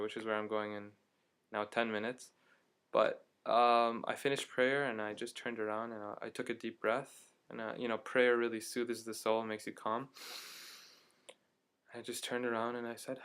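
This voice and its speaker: A young man casually telling a story to his camera at home, chatty and animated, with many fillers. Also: mid-range voice, normal speed, clean tone. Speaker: vlogger.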